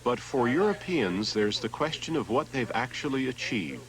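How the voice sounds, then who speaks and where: A man reading scripted documentary narration in an even, measured way. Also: medium pitch, rough recording.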